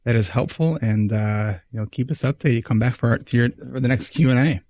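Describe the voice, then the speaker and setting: A man's voice: mid-range voice, brisk, a little mellow, dry recording, clean studio sound. A man hosting a podcast, giving advice in a loose conversational way, often asking "right?". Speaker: podcast host. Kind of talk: casual advice chat.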